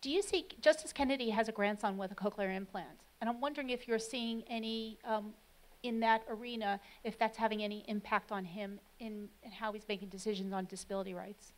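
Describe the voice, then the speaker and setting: A woman's voice: medium pitch, steady tone, a little fast. A woman in the audience who works in disability rights, asking an earnest, slightly hesitant question.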